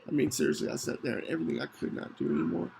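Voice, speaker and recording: Gravelly, lively man hosting a podcast. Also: on the low side, a little hiss or hum, rough recording. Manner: earnest, halting, with many restarts. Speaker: podcast host. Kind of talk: casual personal storytelling.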